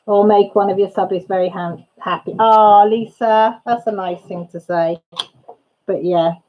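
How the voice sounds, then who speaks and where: A woman's voice: medium pitch, fairly even intonation, measured pace, narrow, tinny audio. A woman hosting a casual crafting livestream from home, rambling and chatty, often breaking off mid-thought. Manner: chatty, rambling, self-interrupting. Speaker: crafting channel host.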